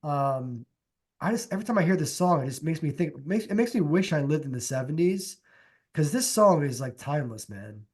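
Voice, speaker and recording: A young man with a somewhat high voice chats loosely on a podcast. He rambles through his points with plenty of fillers. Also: fairly quick, breathy edge. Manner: relaxed, rambling, many fillers. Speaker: podcast co-host. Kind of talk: casual chat.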